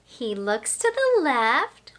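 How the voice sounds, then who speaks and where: With a fairly high, slightly bright voice and huge pitch swings, a woman slowly hosts a toddler learning show. As a children's educator, she teaches in a playful, exaggerated sing-song, makes animal sounds, and speaks directly to the little one with plenty of encouragement.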